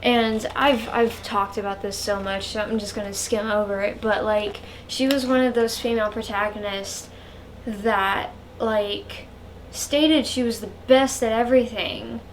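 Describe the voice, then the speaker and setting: Chatty woman with a higher voice. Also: fairly even intonation, a little slow, slight background noise. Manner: rambling, frank, heavy use of "like". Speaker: book reviewer. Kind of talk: casual vlog chat.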